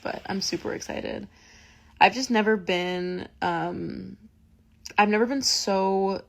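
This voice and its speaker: Woman, 20s, casual livestream chat, gravelly fry, lots of fillers and restarts. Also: medium pitch, slow. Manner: chatty, emotional, many fillers and restarts. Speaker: singer on a live stream.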